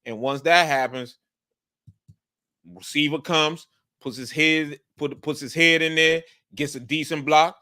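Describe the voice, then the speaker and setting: A man talks through football game film in a casual, coaching way, hammering each point by saying it again. His voice sits a little high, and he gets emphatic as he calls out plays. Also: measured pace. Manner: repetitive, emphatic, coaching tone, breaks into animated outbursts.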